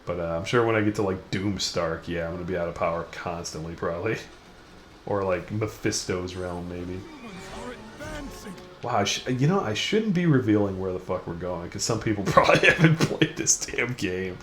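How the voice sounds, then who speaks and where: A man's voice: sits low, animated, normal speed, fairly bright tone. A young man hosting a gaming video, rambling through crude, self-mocking commentary while he plays. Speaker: gaming channel host. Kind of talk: casual let's-play commentary. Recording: echoey room with faint noise.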